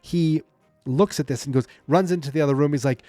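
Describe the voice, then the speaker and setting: Male podcast host, mellow tone, dry close sound, loose rambling recap delivery. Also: fairly high pitch, fairly quick, no echo, soft background music. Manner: rambling, self-correcting, mock-quoting characters. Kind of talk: casual episode recap.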